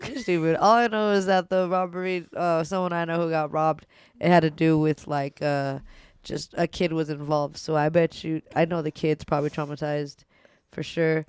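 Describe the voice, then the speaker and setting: A woman's voice: sits low, steady tone, normal speed, a little mellow, clean tone, dry recording. Hesitant young woman on a podcast. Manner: hesitant, searching for words. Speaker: podcast co-host. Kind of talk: casual chat.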